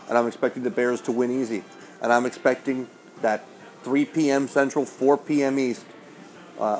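A man's voice: mid-range voice, a little mellow, rough recording. A man giving an emphatic, confident sports preview as a sports writer, swearing casually.

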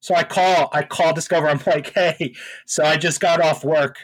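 A young man talks in a casual podcast chat, ranting profanely about rude callers. His voice sits a little high and sounds husky. He tells his stories with plenty of animation. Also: a little fast, no room sound. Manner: profane, venting, animated storytelling. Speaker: podcast co-host.

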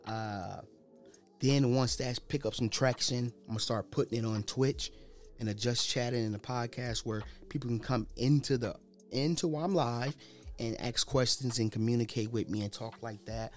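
A man's voice: medium pitch, normal speed, soft background music. A young man hosting his own podcast, talking unscripted in a loose, rambling, slangy way. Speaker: podcast host. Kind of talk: unscripted casual monologue.

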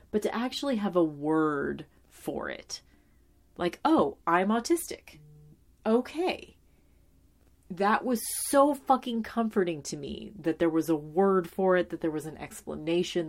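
Low-voiced woman, earnest and emotional. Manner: emotional and earnest, close to tears; heavy use of filler words like "like". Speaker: tv show commentator. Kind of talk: casual personal commentary.

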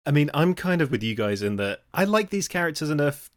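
A man's voice: on the high side, big pitch swings, fairly quick, no room sound, clean studio sound. A man co-hosting a podcast, enthusiastically leading a film discussion. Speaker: podcast co-host.

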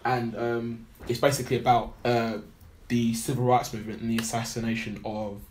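A man on a film podcast recounting a documentary in casual chat, pausing often with fillers as he searches for details. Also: medium pitch, little pitch movement, darkish tone, slight background noise. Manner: halting, many fillers while recalling a documentary.

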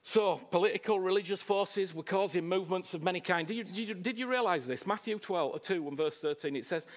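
A man preaching a sermon, repeating phrases and asking the crowd "Huh?", swinging between loud, raised lines and low, hushed ones. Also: fairly quick, hardly any pauses.

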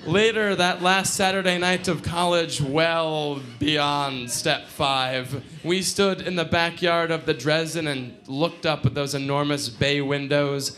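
A man in his twenties telling a personal story on stage, profane, wry and animated. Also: a little high. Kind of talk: live storytelling performance.

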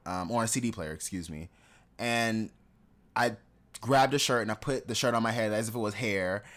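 A man's voice: fairly low pitch, normal speed. Candid laughing man telling stories. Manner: candid, laughs often, animated when acting out others. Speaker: podcast co-host. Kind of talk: casual conversational storytelling.

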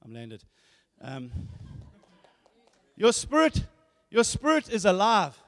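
High-voiced preacher in a hall. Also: male voice, slow pace. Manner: animated, repeats words, rhetorical questions. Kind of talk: sermon. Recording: hall reverb.

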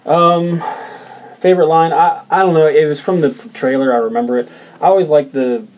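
A woman with a very deep, dark voice drops short wry remarks into a relaxed podcast chat. A faint hiss sits under her voice. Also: a little fast. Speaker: podcast co-host. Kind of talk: casual chat.

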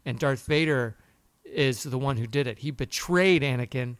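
A man co-hosting a podcast, telling a story in a lively way and acting out the people he quotes. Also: mid-range voice, moderate pace, smooth, dry recording. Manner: animated storyteller, acts out quotes. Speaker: podcast co-host. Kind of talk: casual chat.

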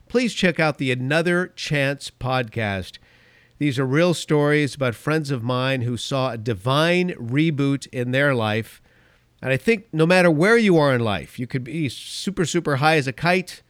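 Brief: male podcast host, mid pitch, earnest animated read, dry close-miked studio sound. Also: no room sound. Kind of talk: scripted podcast monologue.

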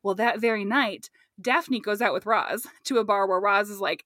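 A young woman chatting casually as a podcast co-host, animated and laughing often as she acts out characters' lines. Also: medium pitch, moderate pace, few pauses, no echo, studio quality. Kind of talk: casual chat recapping a sitcom.

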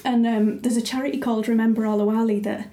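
A woman's voice: on the high side, fairly even intonation, quick pace, dark tone, reverberant. A woman, a writer and editor, chatting casually and thoughtfully with frequent ums. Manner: thoughtful, a little hesitant with many ums. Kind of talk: casual conversation.

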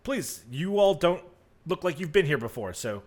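A man voicing a courteous brothel receptionist woman in a tabletop game, welcoming with halting fillers. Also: a little high, very animated, crowd noise, voice pushed up.

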